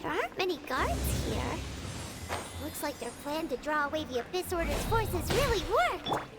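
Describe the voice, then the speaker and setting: A tiny, eager fairy companion chirps in a very high, lively, childlike voice that bounces up and down. Loud game music plays under every line. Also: female voice, moderate pace. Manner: talks about herself in third person.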